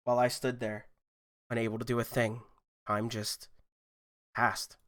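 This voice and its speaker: A male streamer with a medium-pitched, level voice reads a visual novel aloud at an unhurried pace, now and then erupting into loud swearing reactions.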